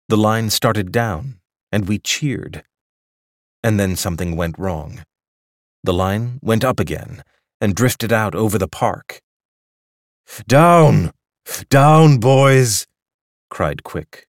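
A man with a very deep voice reads literary fiction aloud, measured and steady in his storytelling. The recording is close and dry, with no room sound around him. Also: no room sound. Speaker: audiobook narrator.

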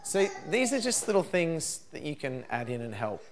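A man speaking at normal speed in a slightly high voice gives a seminar on parenting to a live audience, whose crowd noise is audible behind him. He animatedly acts out examples of what parents and kids say.

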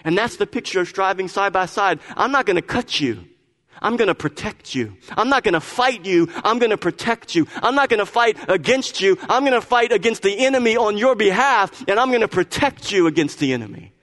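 A man's voice: high-pitched, expressive, a little fast, a bit bright, in a large hall. A man preaching a sermon as pastor, emphatic and repeating his phrases, often restarting words. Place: church sanctuary.

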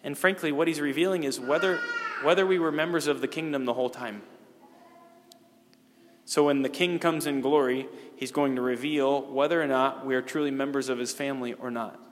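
A middle-aged priest giving a homily in a conversational way, with casual fillers and restarts. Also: male voice, medium pitch, fairly even intonation, brisk. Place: church. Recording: long church reverb.

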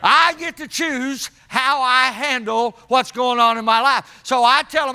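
Man, preacher, sermon, very high voice, folksy and emphatic. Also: fairly even intonation, measured pace, hardly any pauses, pushed and bright, clear, resonant tone. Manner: folksy, emphatic, calls out to the congregation.

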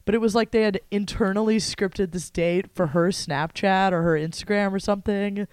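A woman's voice: medium pitch, fairly even intonation, normal speed, darkish tone, clean tone. A young woman co-hosting a podcast, recapping a reality show in wry, sarcastic chat and laughing often. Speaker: podcast co-host.

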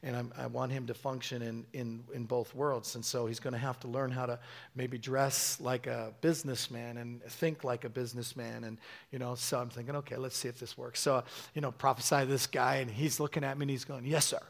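A middle-aged man preaching a sermon, telling a story with animated quoted voices. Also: a little fast, creaky. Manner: animated storytelling, acting out quotes with sudden high-pitched bursts.

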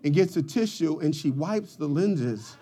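A man preaching a sermon, swinging from quiet, low asides to loud, shouted passages. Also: animated, a little slow, breathy edge. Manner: preaching with rising shouts and dramatic swings in volume. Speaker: pastor.

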